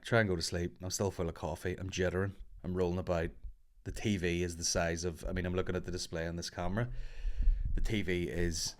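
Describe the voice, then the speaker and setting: A man with a low, deep voice tells a rambling story on his podcast. He swears freely and pokes fun at himself. His delivery is casual and conversational. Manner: profane, rambling, self-mocking. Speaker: podcast host.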